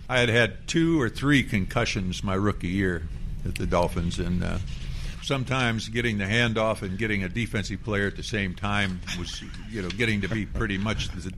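An older man, a former player, telling an animated story about his career and acting out the quotes with a laugh. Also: a little hiss or hum. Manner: acts out quotes with rising pitch and laughter.

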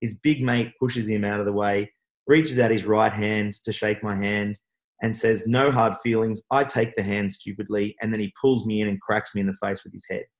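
A man's voice: on the low side, flat delivery, normal speed, low-quality recording. A man, a podcast guest telling a personal story in a rambling way with many restarts. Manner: rambling, full of restarts and fillers. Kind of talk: interview storytelling.

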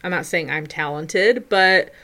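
A woman hosting a video, narrating film trivia in a chatty, expressive way with loud bursts for emphasis. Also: lowish voice, unhurried. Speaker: video host.

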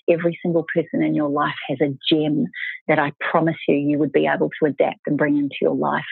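A woman's voice: low-pitched, vocal fry, breathy edge, no echo. A middle-aged woman, an author, telling stories earnestly as an interview guest, with emphatic restarts. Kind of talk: reflective storytelling in an interview. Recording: phone-like call audio.

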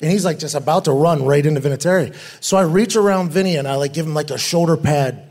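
Guest storyteller: middle-aged man, animated and profane, slightly high voice. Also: fast. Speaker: guest, former football player. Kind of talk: casual storytelling.

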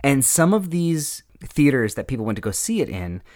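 A man's voice: mid-range voice, very animated, normal speed, darkish tone, dry recording. A man co-hosting a podcast, talking conversationally about an old film and adding facts to the chat. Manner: conversational, agreeable, adds facts. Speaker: podcast co-host. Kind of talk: casual film discussion.

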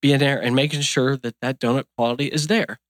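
A man's voice: mid-range voice, steady tone, brisk, dry recording, clean studio sound. A man in his fifties who owns a donut shop, talking in a casual interview in an earnest, folksy, rambling way. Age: 50s.

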